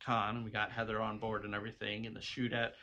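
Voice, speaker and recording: A man's voice: lowish voice, completely flat delivery, quick pace, bright, forceful tone. A man in casual podcast chat, upbeat as he talks about his web series.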